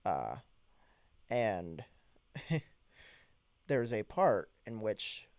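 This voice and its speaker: A young man tells a story in a slow, unhurried way, his pitch swinging widely as he goes. When he quotes himself his voice leaps up high. The sound is dry and close. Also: no room sound. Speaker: vlogger telling a story. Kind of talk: casual storytelling.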